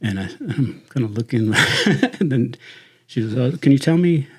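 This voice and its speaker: This middle-aged retired sheriff's deputy, whose accent is Southern Californian, swaps profane, laughing anecdotes in an easygoing storytelling mood. His mid-range voice is slightly rough, with lively intonation at a moderate pace.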